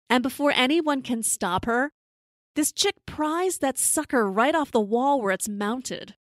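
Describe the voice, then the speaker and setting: A woman's voice: mid-range voice, dry recording. Sarcastic woman telling a story, dry sound. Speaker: podcast host. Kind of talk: storytelling monologue.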